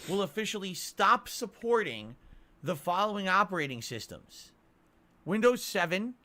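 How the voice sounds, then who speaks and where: A man's voice: sits high, big pitch swings, moderate pace, bright, forceful tone. A male streamer complaining at length in an indignant, ranting monologue.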